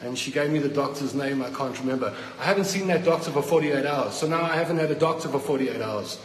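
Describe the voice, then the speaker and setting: Holding his phone to record, a middle-aged hospital patient from South Africa rants furiously in a ward, speaking South African English in a mid-range voice at a quick pace with few pauses. He's indignant, accusatory, and fired up. The sound is poor, echoing as if in a large hall, with slight background noise.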